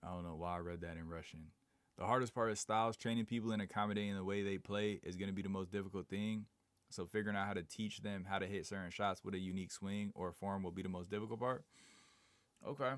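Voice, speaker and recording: A man's voice: deep voice, steady tone, fast talker, no room sound. A man live streaming in a casual, slangy way, reading viewer comments aloud and chatting back. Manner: slangy, laid-back, reads chat aloud and answers it.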